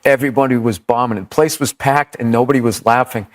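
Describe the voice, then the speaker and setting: A man's voice: mid-range voice, fast talker. A man, a stand-up comedian, telling stories in a casual, rambling, profane way. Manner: profane, rambling storyteller with quoted voices. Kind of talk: casual storytelling on a podcast.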